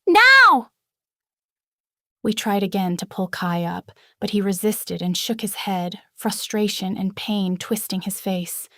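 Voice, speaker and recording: A woman reading a first-person fantasy novel aloud in a dramatic, expressive way. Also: medium pitch, a little slow, hardly any pauses, no room sound, studio quality. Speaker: audiobook narrator.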